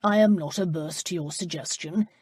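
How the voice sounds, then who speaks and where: A woman's voice: lowish voice, moderate pace, a little mellow, slightly rough, dry recording. A woman reading the lines of an aristocratic duke with a dry, understated manner. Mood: considered.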